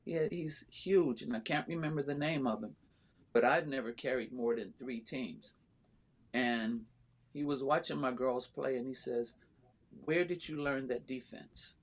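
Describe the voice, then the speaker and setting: A man who owns and coaches a volleyball club, telling a story as a guest in a casual interview, earnest and halting with frequent ums and restarts. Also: medium pitch.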